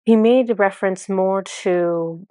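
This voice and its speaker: A woman's voice: medium pitch, slow, dark tone, dry recording, studio quality. A woman speaking as a spiritual channeler in a casual, enthusiastic monologue full of fillers. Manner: chatty, filler-heavy, enthusiastic.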